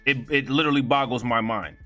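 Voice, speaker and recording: Blunt, indignant man with a bright voice. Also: medium pitch, fast talker, soft background music. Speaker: video commentator. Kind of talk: heated commentary vlog.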